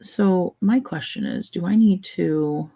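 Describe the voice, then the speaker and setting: A woman vlogger chatting in a relaxed, meandering way, thinking aloud while she colors. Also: on the low side, slow, vocal fry, slightly rough, low-quality recording.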